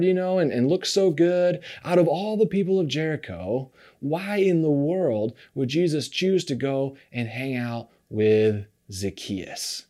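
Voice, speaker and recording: A man preaching a sermon, retelling a story in a relaxed conversational way, often repeating and restarting his words. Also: high voice. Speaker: pastor.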